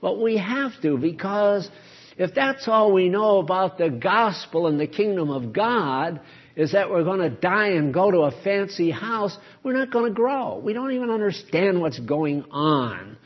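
A high, husky male voice delivers an unhurried Bible study sermon in an earnest, explaining way. He presses hard on key words. The recording is dull and lo-fi. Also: very animated. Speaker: Bible teacher.

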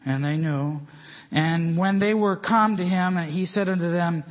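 A man preaching an informal Bible-study sermon in a conversational, digressive way, slowing down to read scripture aloud. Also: a little high. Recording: dull lo-fi recording.

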